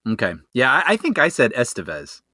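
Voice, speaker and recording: Bright, laughing podcast co-host man. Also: mid-range voice, very animated, a little fast, no room sound, studio quality. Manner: laughs easily, loose rambling talk with many fillers. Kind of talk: casual chat.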